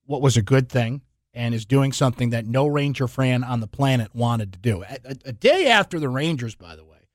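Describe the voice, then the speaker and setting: A man hosting a sports talk radio show in a studio, chatty and energetic, laughing often. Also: medium pitch, brisk, no room sound.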